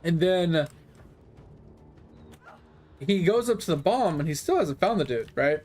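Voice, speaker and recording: Brief: casual male streamer, slightly high voice, rambling and swearing easily. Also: expressive, measured pace, darkish tone, faint music behind. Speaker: game streamer. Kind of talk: casual storytelling while gaming.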